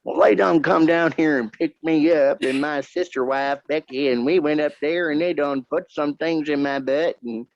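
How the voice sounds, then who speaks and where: A rambling backwoods hillbilly man with a thick rural drawl, as a man puts him on. His voice is gravelly, pitched higher than normal, and comes through a dull, lo-fi recording. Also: steady tone, normal speed, hardly any pauses, no room sound, close to an everyday voice. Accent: put-on rural hillbilly drawl.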